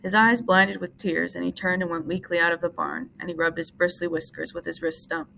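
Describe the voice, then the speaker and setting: A teacher reading a novel aloud in plain, steady narration. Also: female voice, fairly low pitch, a little fast, vocal fry, a little hiss or hum.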